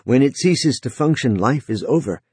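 A man's voice: mid-range voice, expressive, normal speed, darkish tone, husky, no echo, clean studio sound, pitched above the performer's own voice. A man voicing an exhausted, dying man who speaks in weary, strained lines.

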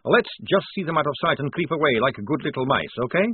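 A man's voice: fairly high pitch, expressive, fast, breathy edge, no echo, pitched above the performer's own voice. A man doing a jittery vampire soldier. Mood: hushed. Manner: nervous, agitated, stammering. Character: jittery male vampire soldier craving coffee. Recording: narrow phone-like sound.

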